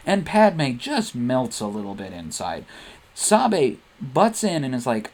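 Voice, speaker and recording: A man narrates a comedy story with a playful, animated delivery. His pitch climbs and dips a lot as he tells it, at a medium height overall. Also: takes it slowly. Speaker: host and narrator.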